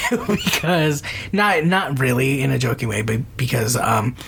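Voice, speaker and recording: A man's voice: medium pitch, expressive, unhurried, creaky, a bit bright, a little hiss or hum. A man co-hosting a podcast, chatting casually in a giggly, rambling way and often cutting himself off. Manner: giggly, rambling, self-interrupting. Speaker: podcast co-host. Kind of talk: casual chat.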